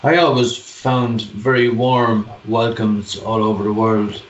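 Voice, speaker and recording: A man's voice: lowish voice, slow pace, roomy sound, lo-fi sound. An Irish man chatting on a podcast over a video call, telling stories with laughs and the odd swear word. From Ireland. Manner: animated, laughing, swearing storyteller. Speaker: podcast co-host. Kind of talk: casual chat.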